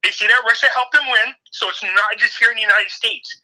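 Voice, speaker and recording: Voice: mid-range voice, fairly even intonation, fast talker, pushed and bright, low-quality recording. An older co-host in casual political chat, opinionated and mocking the people being quoted.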